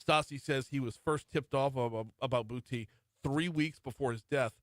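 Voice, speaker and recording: A man's voice: mid-range voice, moderate pace, no room sound. A middle-aged man hosting a morning talk radio show, running through the news with chatty asides. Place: radio studio. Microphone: studio microphone.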